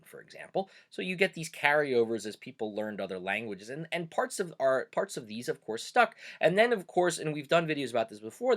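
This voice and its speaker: Hosting a cultural video series, a middle-aged man speaks in a bit-bright, mid-range voice marked by a Pennsylvania Dutch accent. He's a German teacher from Pennsylvania, and his reflective, casual talk leans heavily on fillers.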